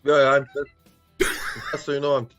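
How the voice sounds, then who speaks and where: A man's voice: medium pitch, completely flat delivery, measured pace, a bit bright, soft background music. A man in his forties, a guest on a casual livestream, talking in a laid-back way. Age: 40s.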